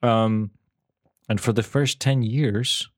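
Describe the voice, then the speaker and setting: A man's voice: medium pitch, steady tone, takes it slowly, no room sound, clean studio sound. Rambling male podcast co-host. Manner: rambling, stumbles and repeats words. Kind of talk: casual chat.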